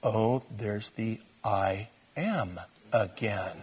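A man preaching a sermon as pastor, in a conversational way with fillers and restarts, moving between quiet intensity and animated emphasis. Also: medium pitch, a little slow, breathy edge.

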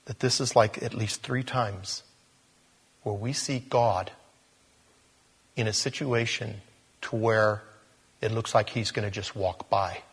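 A man preaching a sermon in a conversational way, growing animated as he reads scripture aloud. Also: fairly low pitch, slow pace, long pauses, breathy edge, long reverb tail.

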